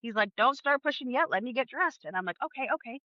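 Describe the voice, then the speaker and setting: A woman in her thirties, a podcast guest, telling her birth story in a casual, animated way, acting out the people she quotes. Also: high voice, fast, dry recording, muffled recording. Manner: animated, acts out quoted dialogue, laughs often.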